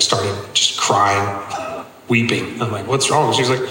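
In a hall with long, echoing reverb, a man with a medium-pitched, slightly bright voice shares a sermon testimony with his congregation. He speaks earnestly and conversationally, using lots of casual filler words.

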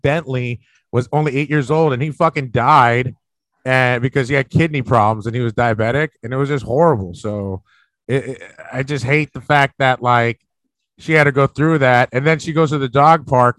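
A man's voice: medium pitch, a bit bright, dry recording. A young man hosting a casual podcast over a video call, rambling and swearing, often laughing. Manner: profane, rambling, laughs a lot. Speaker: podcast host.

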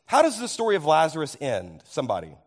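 A man preaching a sermon as pastor, his voice hoarse from overuse, animated and asking the congregation questions. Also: fairly high pitch, fast talker. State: hoarse, tired voice.

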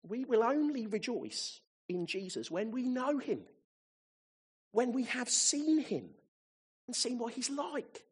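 A man preaching a sermon to his congregation, animated, with his voice rising to excited peaks. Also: very high voice, slow, slightly rough.

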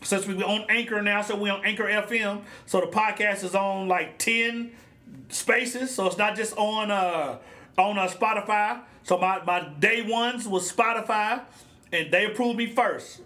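A man with a high, bright voice rants through a solo podcast episode, blunt and animated. His talk is slangy and loose, with the feel of a casual chat into a podcast mic. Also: a little slow. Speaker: podcast host. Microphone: podcast microphone.

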